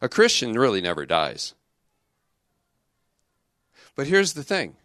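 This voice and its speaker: Animated, joking middle-aged man preaching. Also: mid-range voice, slow, dry recording, studio quality. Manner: conversational, joking, full of rhetorical questions. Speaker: religious brother giving a youth talk. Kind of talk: lively youth talk.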